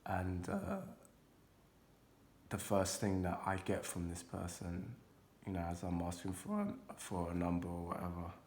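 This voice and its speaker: A man's voice: deep voice, lively intonation, measured pace, a little mellow, slight background noise. A young man giving a casual, rambling card reading to his viewers, talking loosely and swearing now and then. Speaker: intuitive card reader.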